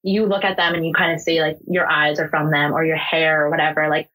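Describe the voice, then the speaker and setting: Her husky, breathy voice is low for a woman, yet here it sounds pushed and bright, moving briskly with little pitch variation. The young American podcast guest swears freely and relies on "like" as she emotionally recounts her story, on a rough recording.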